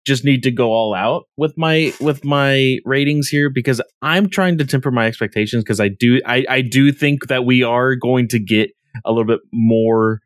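A man co-hosting a casual podcast about comics, relaxed and measured, laughing along with his co-host. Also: medium pitch, no room sound, studio quality. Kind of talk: casual chat reviewing manga.

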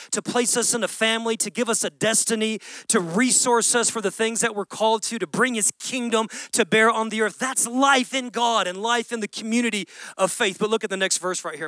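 A man's voice: very high voice, bright, forceful tone, no room sound. A man preaching a sermon, impassioned and pleading, in a dry close recording. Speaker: pastor.

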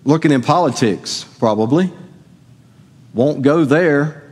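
A man's voice: a little high, expressive, slow pace, darkish tone, slightly rough. A middle-aged man preaching a sermon as pastor, conversational and asking the congregation questions. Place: church sanctuary. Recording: long hall reverb.

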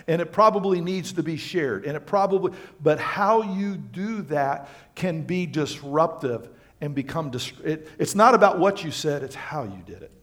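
A male pastor preaching a sermon to his congregation, swinging between loud emphatic lines and quiet, low asides. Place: church sanctuary.

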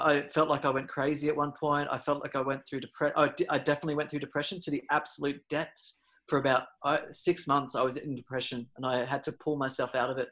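A man, a podcast guest, telling a personal story in casual talk, full of fillers and restarts, and getting loud and animated at the dramatic moments. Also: medium pitch. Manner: rambling, many fillers and restarts; gets loud and animated retelling scary moments.

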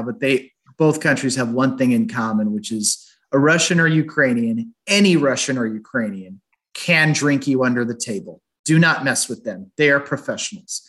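A man hosting a casual podcast chat, summing up advice in quick lists. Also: medium pitch, a bit bright. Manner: summarizing, list-like advice. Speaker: podcast host.

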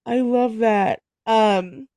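Man, higher voice, dry close sound, casual book podcast chat, laughs a lot, says "like" often. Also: extremely slow, warm tone, no room sound. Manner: chatty, laughs often, fills with "like". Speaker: book club podcast host.

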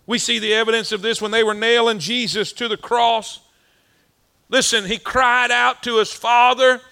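A man's voice: very high voice, steady tone, moderate pace, vocal fry, pushed and bright, smooth. A male preacher delivering a sermon in a folksy, rhythmic style, repeating lines for emphasis. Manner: folksy, rhythmic repetition, rising and falling emphasis.

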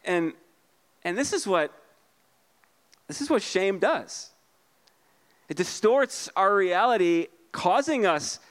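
A man preaching a sermon, restarting his phrases and doubling words, then jumping into lively acted voices. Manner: halting, repeats words, acts out voices with big pitch jumps. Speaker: pastor. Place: church.

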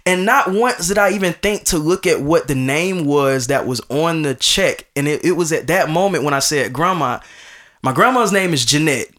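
A young man hosting a podcast, telling a personal story in casual chat, animated and acting out the voices of people he quotes. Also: a little high. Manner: animated, acts out quoted voices, many restarts. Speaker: podcast host.

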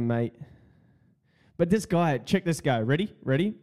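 Laid-back, slow-talking male podcaster. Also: fairly high pitch. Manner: rambling and excitable, laughs often, slangy. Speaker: podcast host. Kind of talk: casual podcast chat.

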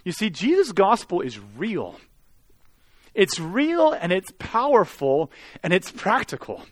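A man's voice: sits high, wildly swooping pitch, slow pace, no echo. Earnest man preaching with a dry sound. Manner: earnest preaching, swelling loud then dropping to soft, intimate tones. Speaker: pastor. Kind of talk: sermon.

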